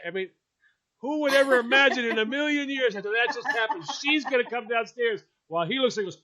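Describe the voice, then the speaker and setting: A man's voice: very high voice, fairly quick, sharp tone. A man telling a funny story with drama, acting out the voices and laughing often. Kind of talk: animated storytelling. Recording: dull lo-fi sound.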